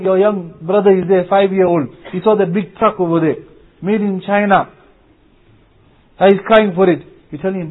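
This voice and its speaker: A high, husky-voiced man preaches to youngsters, repeating his points and firing off rhetorical questions. The sound comes through a narrow, phone-like lo-fi recording. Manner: repetitive, rhetorical questions, anecdotal. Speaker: Muslim preacher. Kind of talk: Islamic talk to youth.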